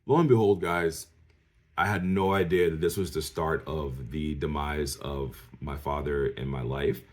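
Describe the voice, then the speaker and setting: A man from New York telling his viewers a personal story in a casual, animated way. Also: rumbling low, unhurried. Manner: animated, talks straight to viewers, acts out the people he quotes. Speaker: storyteller vlogger.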